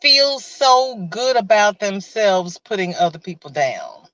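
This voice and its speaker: Slow-talking woman live from her car. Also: medium pitch, very animated, a bit bright, dry recording. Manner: chatty, laughs often, greets viewers by name. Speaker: live stream host. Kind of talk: casual live chat reading viewer comments. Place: inside a car. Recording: dull, lo-fi.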